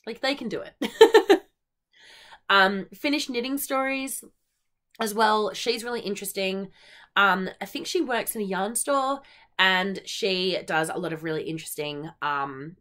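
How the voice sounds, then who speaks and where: A young woman with an Australian accent and a bright, clear voice chats on her own. She talks with high energy and bounces from thought to thought, dropping plenty of ums and likes along the way. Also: measured pace. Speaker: knitting podcast host. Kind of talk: casual solo chat.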